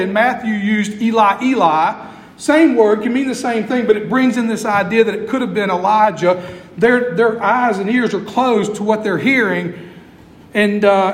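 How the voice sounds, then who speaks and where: A middle-aged male pastor preaching a sermon with building intensity and long pauses, heard in a church sanctuary. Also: very high-pitched. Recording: echoey hall.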